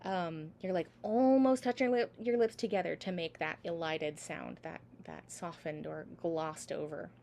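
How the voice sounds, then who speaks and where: A woman's voice: fairly low pitch, fairly even intonation, moderate pace, creaky, few pauses, dark tone, slight background noise. A woman teaching a singing class over a video call, patiently sounding out each syllable for her students. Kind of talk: online class instruction.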